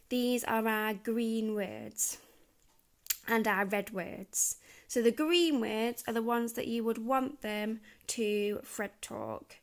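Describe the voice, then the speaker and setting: A woman's voice: on the high side, creaky, a bit bright. A woman teacher, patiently guiding parents through phonics sounds and reading activities. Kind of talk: instructional walkthrough for parents.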